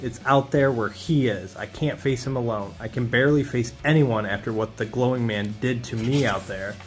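A man's voice: mid-range voice, normal speed, soft background music, lightly acted. A man reading the lines of a scarred, fearful king who demands his prize, in his own plain voice. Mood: demanding.

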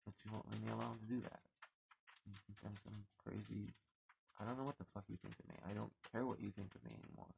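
A man's voice: on the low side, level tone, fast, creaky, background noise. A man venting in an angry, profane rant to his vlog viewers, often stumbling over and repeating his words as he gets worked up, recorded on his anchored boat. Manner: heated, swearing, repeating words when worked up. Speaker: vlogger.

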